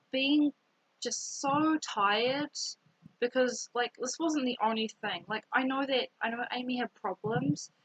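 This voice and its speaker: A young woman telling a rambling, animated story from her school days in a casual vlog, with many fillers. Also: mid-range voice, breathy edge, no echo, low-quality recording.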